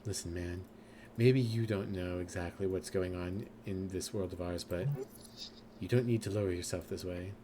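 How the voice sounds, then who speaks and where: A man voicing a gruff male inner voice that lectures the player in a low, exasperated tone. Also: fairly even intonation, moderate pace, background noise, natural voice. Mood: scolding.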